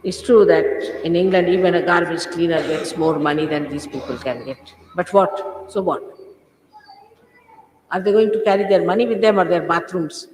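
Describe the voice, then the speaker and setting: A woman's voice: fairly low pitch, normal speed, darkish tone, a little hiss or hum. Older woman scolding in an echoey hall. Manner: scolding, emphatic, repeats phrases for stress. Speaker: spiritual teacher. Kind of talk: informal spiritual talk to followers. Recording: echoey hall, 1980s archive tape.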